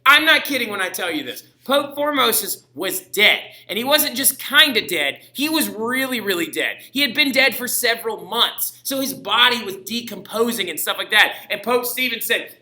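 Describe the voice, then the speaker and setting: A male teacher lectures in a loose, conversational way, tossing in slang and asking "right?" again and again. His voice sits high and cuts through with a very sharp, bright edge. The room around him rings with a noticeable echo. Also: animated, brisk, hardly any pauses. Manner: chatty and slangy, keeps checking in with "right?". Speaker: history teacher. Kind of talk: casual recorded classroom lecture. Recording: echoey room.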